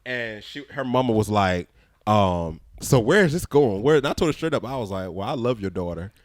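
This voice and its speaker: A man's voice: on the low side, moderate pace, no room sound, studio quality. A young man co-hosting a podcast, telling a story in a blunt, direct way and acting out both sides of the conversation. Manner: animated, acts out both sides of conversations in quoted voices. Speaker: podcast co-host. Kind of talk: casual storytelling chat.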